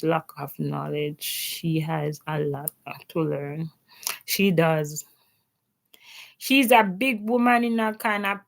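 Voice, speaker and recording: A Jamaican woman living in Canada, hosting a casual opinion chat and mixing patois into her English with plenty of emphasis. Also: sits low. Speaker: livestream host. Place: home in Canada.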